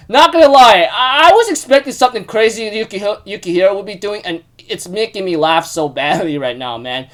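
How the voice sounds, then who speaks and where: Man, high voice, casual anime recap, rambling, lots of fillers. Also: a little fast, few pauses. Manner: rambling, fillers of "you know", loose retelling of scenes; laughs and gets animated when amused.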